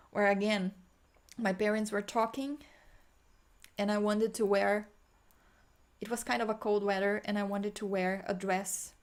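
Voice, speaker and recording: A woman guiding a healing meditation, talking slowly and softly with sighs, sometimes chanting in an invented language. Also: medium pitch. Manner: slow, soft, sighing, breaks into chanted light language. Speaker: spiritual healer.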